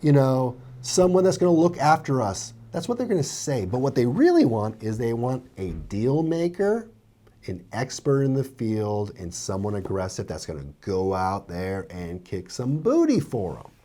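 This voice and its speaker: A man coaching on real estate sales as he comments on a played clip, often acting out clients' lines. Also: normal speed. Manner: animated, acts out buyers' lines in a higher voice.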